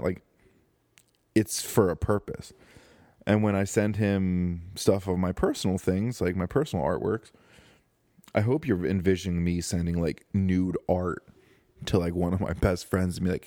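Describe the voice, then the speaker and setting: A man's voice: sits low, fairly even intonation, moderate pace, dark tone, no echo. A young man hosting his own podcast, talking casually in a rambling, joking way with lots of fillers and restarts, close to the microphone. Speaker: podcast host. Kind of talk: casual solo podcast monologue. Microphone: close studio microphone.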